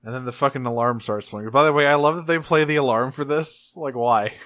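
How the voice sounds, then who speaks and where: A man co-hosting a casual podcast recap. His voice sits at an ordinary middle pitch, and he talks in a loose, animated way. He swears freely and jumps into exaggerated, raised character voices. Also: quick pace. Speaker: podcast co-host.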